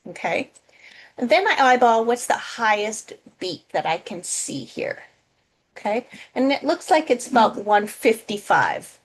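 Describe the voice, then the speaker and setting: A woman teaching as a nursing instructor in a casual recorded lecture, often checking in with "okay?". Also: on the high side.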